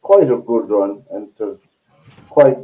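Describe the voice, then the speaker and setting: A man chatting as a panelist, measured and recalling details. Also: lowish voice, expressive, mellow, low-quality recording. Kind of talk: casual panel chat.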